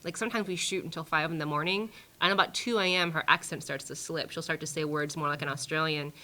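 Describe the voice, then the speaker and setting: A woman's voice: low voice, steady tone, quick pace, sharp tone. A woman from Hawaii in her thirties, a playwright talking casually as a guest in a master class, chatty and full of fillers and restarts.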